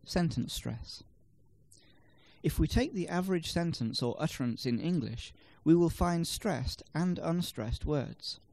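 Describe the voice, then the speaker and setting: A man reading scripted instructional narration for a language lesson, measured and explanatory, demonstrating word stress in example sentences. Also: a little high, lively intonation, a little mellow.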